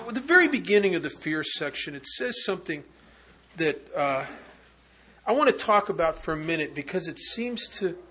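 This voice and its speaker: A man's voice: a little high, a bit bright. A man speaking at a recovery meeting, telling a humorous personal story in a conversational, wry way with frequent restarts.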